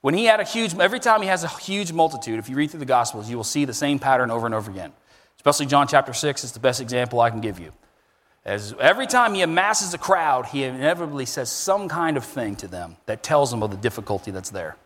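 Lively preaching man in a reverberant hall. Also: medium pitch, fast. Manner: animated preaching with emphatic rises. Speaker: pastor. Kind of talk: sermon.

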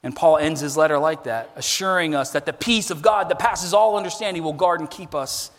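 A man preaching a sermon as pastor, emphatic and animated, his voice rising high on key words. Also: fairly quick, big-room sound.

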